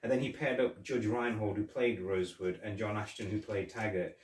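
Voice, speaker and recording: A man hosts a podcast, loosely reviewing a film, rambling on and retelling scenes with laughter. His lowish voice keeps a steady tone and moves a little fast. The mic sits at a distance, giving a roomy echo.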